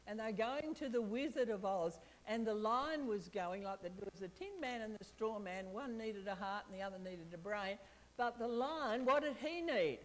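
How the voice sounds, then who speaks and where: A woman preaching a sermon, lively and chatty, often asking the audience questions and laughing. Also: medium pitch, normal speed, low-quality recording.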